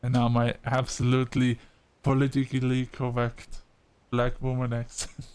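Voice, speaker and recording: A man's voice: mid-range voice, completely flat delivery, normal speed, a little mellow, smooth, no room sound. A man giving casual let's-play commentary, chatting and reading game dialogue aloud. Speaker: gaming video creator.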